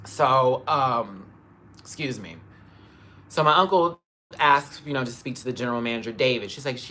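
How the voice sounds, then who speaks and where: A man's voice: medium pitch, sing-song, normal speed, a bit bright. A man telling a story on a live stream into a phone camera, emphatic and swearing as he retells it in detail. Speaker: livestreamer.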